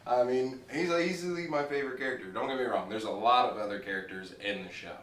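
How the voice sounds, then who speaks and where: A TV show reviewer rambles through a casual review, swearing freely and laughing at his own jokes. His mid-range voice is a bit bright and moves at a quick pace. The recording has an echoey room, a distant mic and faint noise.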